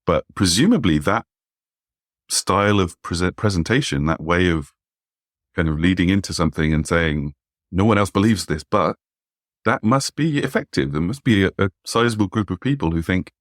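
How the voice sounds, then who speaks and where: A man's voice: sits low, expressive, normal speed, no room sound, clean studio sound. A man in casual podcast chat, skeptical and thinking aloud with frequent restarts.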